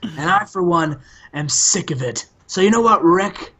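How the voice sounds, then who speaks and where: A man's voice: high-pitched, expressive, measured pace, bright, forceful tone, breathy edge, exaggerated voice. A man voicing an arrogant, cheating male wrestler who taunts his boss in sneering trash talk. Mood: taunting.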